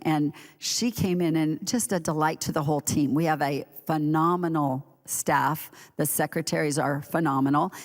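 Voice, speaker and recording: A woman's voice: deep voice, a little mellow, in a large hall. A woman giving a conversational sermon in a church, telling stories chattily with laughing asides. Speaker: church leader preaching. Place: church sanctuary.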